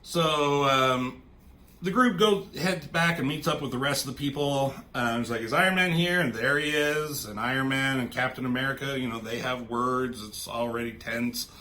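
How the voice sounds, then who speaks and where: A man casually recapping a comic book issue as a reviewer, rambling and tossing in quick offhand character voices. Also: medium pitch, sharp tone, slight background noise.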